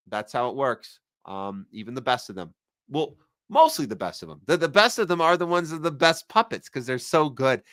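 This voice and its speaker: A man's voice: medium pitch, pushed and bright, no echo, studio quality. A man hosting a podcast livestream, chatting casually and reading out viewer comments with plenty of ums and jokey asides. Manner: rambling, lots of fillers, jokey asides. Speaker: podcast host.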